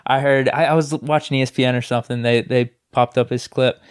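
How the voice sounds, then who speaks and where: A man's voice: mid-range voice, steady tone, brisk, clear, resonant tone. A man co-hosting a casual sports podcast, speaking with hesitant restarts and plain enthusiasm. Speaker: podcast co-host.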